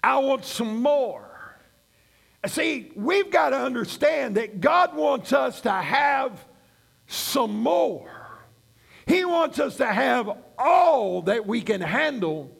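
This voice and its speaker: High gravelly preacher with rising shouts. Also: male voice, very animated, takes it slowly. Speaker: pastor. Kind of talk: sermon.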